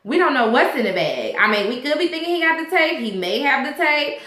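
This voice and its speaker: A woman with a high, bright voice chats through a recap of a TV episode in loose, slangy talk. She keeps tossing in asides to her viewers. Her voice rings in an echoey room. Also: sing-song, brisk. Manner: chatty, slangy, full of "you know what I'm saying". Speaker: TV show reviewer.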